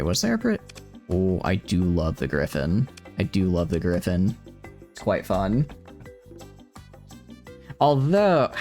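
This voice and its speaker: Male game streamer with hiccups, lively voice going up and down, chatty with viewers, faint music behind. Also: fairly low pitch. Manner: thinks aloud, excitable, chatty with viewers. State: has hiccups. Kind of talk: live gameplay commentary.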